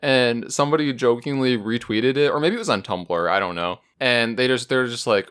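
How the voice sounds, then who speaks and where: A man's voice: mid-range voice, normal speed, hardly any pauses, a bit bright, clear, resonant tone. Easygoing man reading listener mail. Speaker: podcast co-host. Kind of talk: casual chat.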